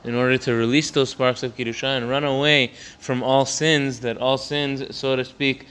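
The speaker is a Torah teacher leading a line-by-line text study, with a flat delivery at a moderate pace and a fairly bright, clear, resonant tone. He often pauses to restart a phrase, and on key points his pitch and volume rise.

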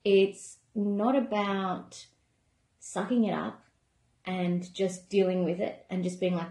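A woman coach speaks in a calm, gentle and conversational way, with a mellow, warm tone. Her voice sits in a medium pitch, and the room around her sounds echoey. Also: takes it slowly. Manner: calm, gentle, conversational, with many "you know" asides. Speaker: wellness coach running a membership program. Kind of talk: reflective self-help talk.

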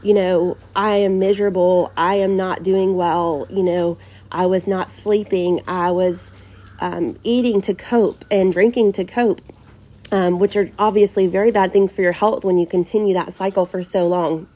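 Earnest woman, mellow voice. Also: mid-range voice, fairly even intonation, moderate pace. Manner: earnest and heartfelt, addressing listeners as y'all. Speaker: podcast host. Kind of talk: personal faith talk to listeners.

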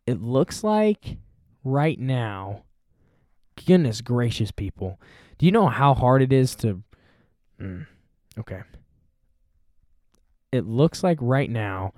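A man's voice: medium pitch, darkish tone, no room sound, studio quality. Chatty self-mocking male podcast host. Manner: rambling, self-deprecating, chatty. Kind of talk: casual solo podcast monologue.

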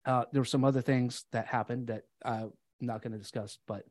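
A man's voice: medium pitch, fairly even intonation, a little mellow, no echo. Candid man telling a hard story. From United States. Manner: halting, many fillers and restarts, swears. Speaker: podcast guest telling his story.

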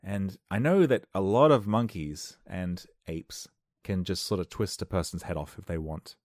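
A man doing a rambling comic monologue into a close microphone, wry and self-interrupting, with sudden loud outbursts. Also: sits low, normal speed, no room sound. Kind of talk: comedic podcast monologue. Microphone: close studio microphone.

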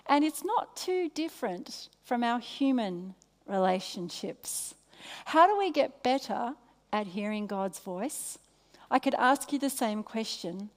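A woman with an Australian accent leads a church service, her voice sitting a little on the high side. She keeps the room involved with questions and turns soft and low when she prays. Her words trail off in the long echo of a big hall. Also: lively intonation, a little slow. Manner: engaging, asks the audience questions; drops soft and low in prayer. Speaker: preacher. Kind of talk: sermon with congregation banter. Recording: long reverb in a large hall.

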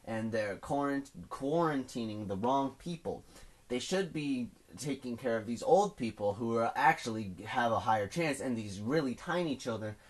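A teenage man hosting a solo podcast from home, rambling and self-mocking, his voice swinging between loud bursts and mumbles. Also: mid-range voice, lively intonation, moderate pace. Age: teens. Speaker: podcast host. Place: at home indoors.

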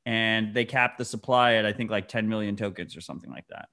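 A man's voice: on the low side, quick pace, bright, forceful tone. A man in his thirties co-hosting a podcast, blunt and heated, swearing often in casual chat. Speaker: podcast co-host.

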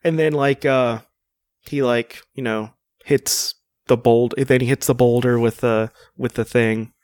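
A man's voice: medium pitch, fairly even intonation, measured pace, darkish tone, dry recording, clean studio sound. A man co-hosting a casual comic-book chat, rambling with many fillers and restarts. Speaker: podcast co-host.

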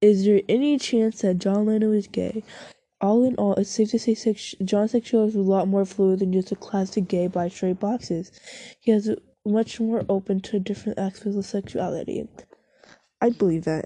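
Mellow-voiced woman rambling with profanity. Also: medium pitch, steady tone, normal speed, no echo. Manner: rambling, profane, self-interrupting, giggly. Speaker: vlogger. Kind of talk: casual rambling chat while browsing online. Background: faint music playing.

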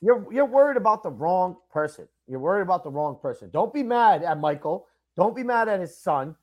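A young man co-hosting a casual sports podcast, ranting and swearing with lots of energy. His voice sits a bit high for a man. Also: a little fast. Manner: animated ranting, profane. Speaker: podcast co-host.

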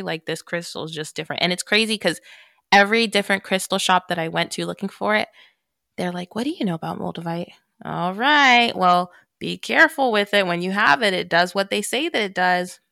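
Woman, podcast host, casual chat, lower pitch, dry close sound, swears and laughs while storytelling. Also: fairly quick, vocal fry, pushed and bright, no room sound.

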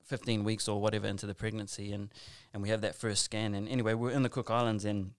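A man's voice: on the low side, flat delivery, fast talker, clear, resonant tone, no echo. A man telling a personal story in casual conversation, rambling and earnest with lots of asides and restarts.

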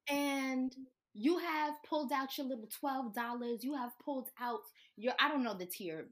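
A woman's voice: high-pitched, normal speed. A woman hosting a podcast in casual chat, playful and joking as she reads out notes and teases her co-hosts. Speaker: podcast host.

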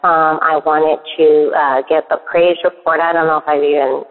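A woman phoning in a grateful praise report, speaking warmly with small hesitations. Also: sits low, level tone, normal speed. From San Francisco Bay Area, USA. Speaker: caller. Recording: tinny phone line with long reverb.

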